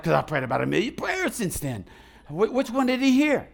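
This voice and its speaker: Male pastor, fairly high voice, folksy and animated sermon delivery, questions tossed to the pews. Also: brisk, vocal fry. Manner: animated, asks the congregation questions and leads call and response; folksy, retells the story in his own casual words.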